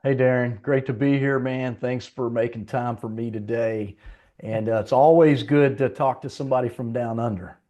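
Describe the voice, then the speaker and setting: Relaxed Southern American man telling stories. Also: mid-range voice, moderate pace, lo-fi sound. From Little Rock, Arkansas, USA. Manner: relaxed storyteller, self-deprecating, says "man" and "like". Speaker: podcast guest, leadership coach. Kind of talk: conversational podcast interview.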